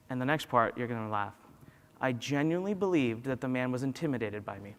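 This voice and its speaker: A man's voice: medium pitch, brisk. A man giving a motivational talk, telling personal stories and acting out the dialogue in them. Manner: animated storyteller who acts out dialogue. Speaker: motivational business speaker. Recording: long hall reverb.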